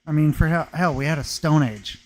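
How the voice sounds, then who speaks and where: A man's voice: a little high, brisk, darkish tone, low-quality recording. A man hosting a casual live chat from his stone-working workshop, laid-back and slangy, laughing often. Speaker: workshop vlogger talking to live viewers.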